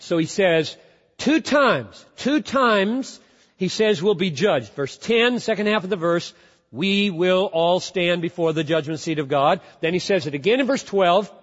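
A man preaches a sermon in a high, unhurried voice, stressing and repeating key words, dropping to a hush and rising again. His voice rings through a large church hall with long reverb. The recording sounds dull and lo-fi. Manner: emphatic, repeats key words, swings from loud to hushed. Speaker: pastor.

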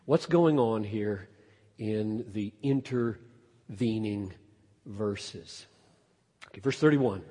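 A man preaching an expository sermon, emphatic, climbing to loud peaks and then dropping low. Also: slow pace, pauses often. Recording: long hall reverb.

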